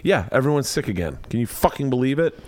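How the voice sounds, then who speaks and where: A man's voice: mid-range voice, big pitch swings, quick pace, darkish tone, no room sound. A man hosting his podcast, rambling in casual chat and often restarting his sentences. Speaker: podcast host.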